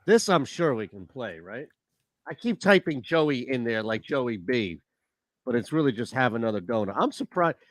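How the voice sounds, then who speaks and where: A man's voice: mid-range voice, big pitch swings, moderate pace, dry recording. A man hosting casual sports talk radio, chatty and rambling.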